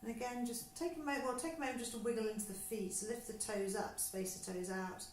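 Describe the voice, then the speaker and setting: A woman yoga teacher calmly guiding a breathing exercise, speaking slowly and soothingly. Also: on the high side, a little hiss or hum. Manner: slow, soothing guidance. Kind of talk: guided breathing instruction. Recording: echoey room with faint ambience.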